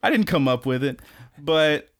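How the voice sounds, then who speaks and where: A man's voice: a little high, expressive, moderate pace. A young man co-hosting a podcast, recapping an anime in casual, rambling chat and laughing often. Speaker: podcast co-host.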